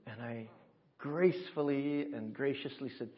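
A man in a church service, a pastor talking with his congregation in a lively, upbeat way and leading them through a greeting. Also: on the high side, moderate pace, highs cut off. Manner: warm, upbeat, talks with the congregation and teaches them. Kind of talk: sermon.

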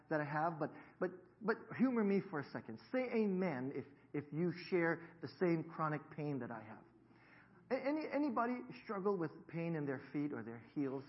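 Chatty, joking man preaching a sermon. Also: fairly high pitch. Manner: jokey, self-deprecating, chatty with the congregation. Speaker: pastor. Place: church sanctuary. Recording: dull lo-fi sound.

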